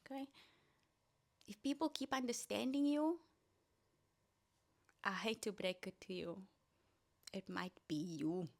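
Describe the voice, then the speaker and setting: A woman's voice: mid-range voice, takes it slowly, gravelly, long pauses. A woman hosting a solo podcast, giving casual, coaching talk with playful asides. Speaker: podcast host.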